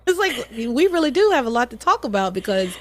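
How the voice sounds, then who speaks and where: Animated, expressive woman podcast host. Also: on the high side, a little fast, no echo. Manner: animated, laughs, swears casually. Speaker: podcast host recapping a soap opera. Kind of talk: casual chat.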